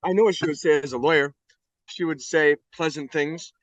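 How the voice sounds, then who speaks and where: A middle-aged man from the United States, an interview guest telling his story candidly in a blunt, profane, animated way. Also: on the high side, moderate pace, no room sound, dull audio.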